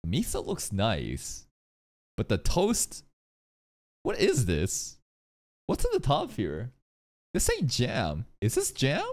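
A man's voice: mid-range voice, huge pitch swings, slow pace, pauses often, darkish tone. A man giving casual, profane, joking commentary as he reacts to an anime episode.

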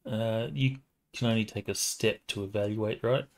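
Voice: medium pitch, fairly even intonation, moderate pace, slight background noise. A player at a tabletop game making wry jokes. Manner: wry, jokey. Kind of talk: casual tabletop game chat.

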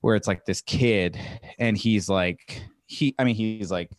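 A comedian guesting on a podcast, telling stories eagerly in casual chat with lots of filler words. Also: male voice, on the low side, unhurried. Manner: enthusiastic storyteller, heavy on "like" fillers.

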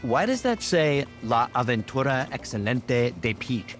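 Lively, teasing male podcast co-host. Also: mid-range voice, a little slow, faint music behind. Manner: teasing, wry. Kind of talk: scripted comedy banter.

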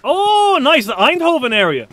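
A man streaming a survival game, chatting casually and excitably, with frequent swearing. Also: very high-pitched, normal speed. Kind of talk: casual live-stream commentary.

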